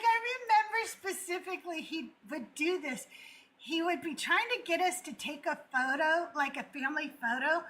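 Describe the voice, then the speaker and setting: A woman's voice: high voice, sharp tone, rough recording. A woman hosting a call-in show, chatting candidly and laughing as she tells personal stories. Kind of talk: casual livestream chat.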